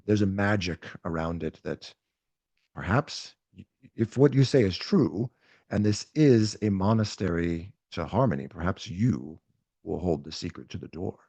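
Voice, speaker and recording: A man's voice: gravelly, darkish tone, no room sound, muffled recording. A man doing the solemn Rat King. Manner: low, slow, solemn. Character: grave, cautious male Rat King.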